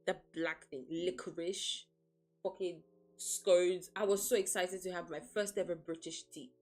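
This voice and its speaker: A woman's voice: lowish voice, steady tone, unhurried, soft background music. A woman streaming as a VTuber, chatting casually in a blunt, profane, playfully dramatic way and laughing often. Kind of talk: casual livestream chat.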